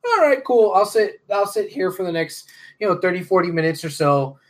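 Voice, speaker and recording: A man chatting on a casual wrestling podcast. He rambles through a story, swears freely and leans on fillers like um and like. Now and then he jumps into a loud mocking shout. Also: high voice, brisk. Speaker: podcast co-host.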